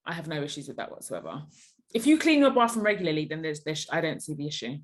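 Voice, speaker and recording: A woman's voice: deep voice, fast talker. A young woman as a podcast guest, giving blunt, emphatic advice in a casual chat. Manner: emphatic, blunt, animated reactions.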